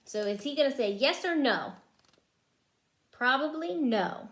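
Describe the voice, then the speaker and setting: A preschool teacher reading a picture book aloud to young children, her fairly high voice rising and falling with lively expression as she stops to ask them questions. She talks at an unhurried pace, and the sound carries a roomy echo. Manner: animated, asks the children questions.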